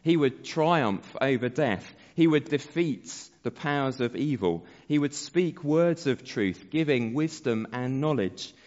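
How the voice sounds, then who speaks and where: A man preaching a sermon as pastor, slow and measured, letting his phrase endings fall soft. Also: mid-range voice, animated. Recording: dull sound with long hall reverb.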